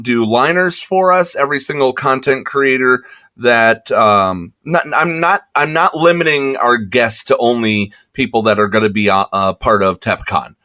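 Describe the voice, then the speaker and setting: A man hosting a podcast, making a rambling, halting announcement in casual chat. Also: medium pitch, sharp tone. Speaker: podcast host.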